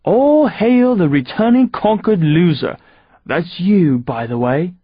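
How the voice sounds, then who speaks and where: A man voicing a smug, mocking male alien overlord with an English accent, gloating in slow, drawn-out taunts. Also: high voice, lively intonation, husky, no echo, muffled recording, pitched above the performer's own voice, exaggerated voice.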